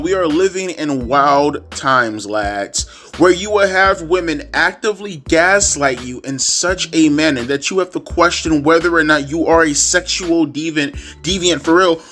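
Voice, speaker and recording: A man's voice: fairly high pitch, lively intonation, measured pace, sharp tone, faint music behind. A young man ranting as a YouTube wrestling commentator, profane, repetitive and exasperated.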